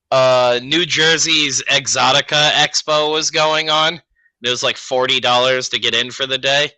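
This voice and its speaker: A man's voice: mid-range voice, pushed and bright, dry recording, rough recording. A man in casual podcast chat who laughs often and cracks crude jokes. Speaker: podcast co-host.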